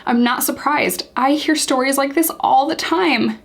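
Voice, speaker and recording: Woman, thirties, vlogger, casual commentary, emotional and blunt, fairly high pitch. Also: measured pace, gravelly. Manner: earnest, emotionally charged and outspoken.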